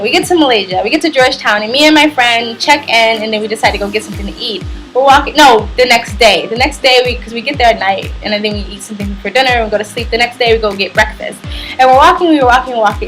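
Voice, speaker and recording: A woman's voice: fairly high pitch, a bit bright, low-quality recording. A woman vlogger telling a travel story in a chatty, rambling way, with lots of "like". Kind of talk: storytime vlog.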